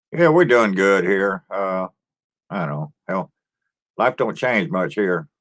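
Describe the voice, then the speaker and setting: A laid-back man chatting on his own live stream, welcoming viewers by name. His talk is homespun and unhurried, broken by easy sighs as he rambles about his day. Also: low-pitched, very animated, fairly bright tone. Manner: homespun rural speech. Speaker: livestream host. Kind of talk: casual live-stream chat greeting viewers.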